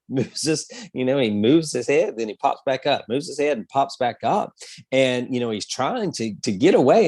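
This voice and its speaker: A man's voice: mid-range voice, a little mellow, dry recording. A man co-hosting a history podcast, telling the story in a casual, rambling way with many fillers. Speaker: podcast co-host.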